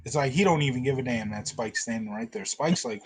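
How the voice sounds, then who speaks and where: A man hosting a casual review show, retelling scenes in a lively way, acting out quotes and laughing often. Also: mid-range voice, brisk, husky. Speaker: podcast host.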